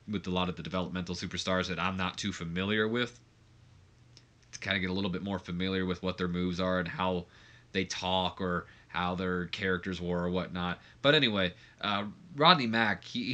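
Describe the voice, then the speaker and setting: Casually narrating a game, a young male let's play commentator speaks with a low, bright, forceful voice. His talk rambles along with many fillers and restarts, and he says "like" constantly.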